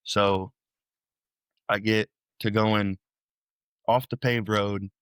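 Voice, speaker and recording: A young man from Illinois, guest on a podcast, retelling a frightening night in an animated, rambling way with many restarts. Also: on the low side, extremely slow, smooth, dry recording, studio quality. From Illinois, USA. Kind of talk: storytelling interview.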